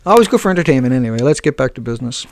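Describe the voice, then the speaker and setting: Gravelly man ranting on a live stream. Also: medium pitch, sing-song, rapid-fire. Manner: combative, taunting and scornful toward a commenter. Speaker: live streamer answering chat. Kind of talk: unscripted live stream rant.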